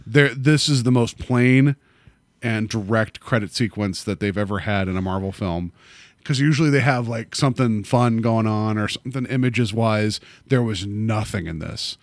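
Animated rambling man, dry close sound. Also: fairly low pitch, dry recording. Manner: animated, rambling with many fillers. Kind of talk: casual movie discussion.

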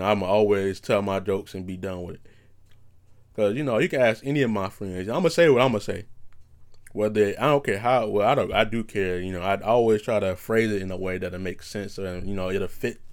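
A man hosting a podcast on his own, telling rambling stories in casual slang, his voice not yet warmed up from waking. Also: lowish voice. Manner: rambling, animated storytelling with slang and restarts. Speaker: podcast host. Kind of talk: casual solo podcast monologue.

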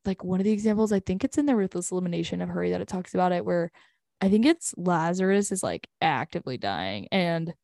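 A woman's voice: on the low side, lively intonation, fast talker, creaky, mellow, no room sound, studio quality. A young woman co-hosting a casual faith podcast, rambling and filling her talk with "like.". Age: young adult. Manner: rambling, heavy use of "like". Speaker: podcast co-host.

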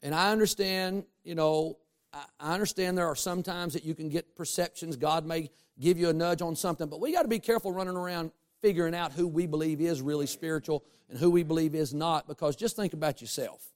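Male pastor, high-pitched, lively humorous sermon delivery. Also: brisk. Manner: animated, humorous preaching with rising emphasis and asides to the congregation.

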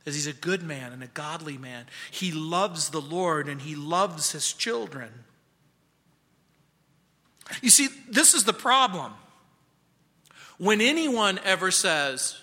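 A man preaching a verse-by-verse sermon as a pastor, earnest, moving between soft and emphatic delivery. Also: a little high, expressive, slow pace, pauses often, long reverb tail. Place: church sanctuary.

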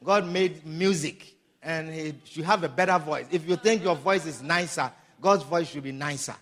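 A man preaching a sermon, shouting some lines and drawing others out slowly for emphasis. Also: on the high side. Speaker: pastor.

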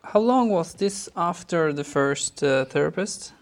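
A man's voice: fairly high pitch, expressive, a little slow, a little hiss or hum. A male host who speaks hesitantly, repeating words as he searches for what to say. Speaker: podcast host.

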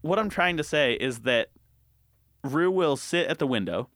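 A man co-hosting a casual comedy podcast, telling stories in an animated way and breaking into shrill shouted bits. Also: measured pace, dry recording, clean studio sound. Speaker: podcast co-host. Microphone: studio podcast mic.

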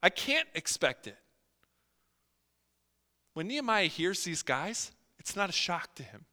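A man's voice: sits high, unhurried, big-room sound. A male pastor preaching a sermon, telling stories and acting out the quotes in them. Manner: animated storytelling with acted-out quotes.

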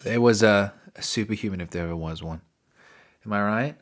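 A man's voice: lowish voice, brisk. A man hosting his own podcast alone, rambling and joking with crude asides. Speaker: podcast host. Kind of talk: casual solo podcast chat.

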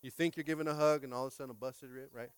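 A man preaching an energetic sermon as pastor, swinging from hushed prayer to loud calls and often asking the congregation to respond. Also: medium pitch, very fast, clean tone, dry recording.

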